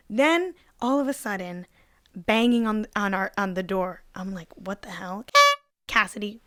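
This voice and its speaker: A woman's voice: medium pitch, fairly bright tone, clean tone, no echo, studio quality. A young woman co-hosting a casual podcast, telling a story animatedly with lots of "like" fillers and acting out the voices of people in it. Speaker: podcast co-host.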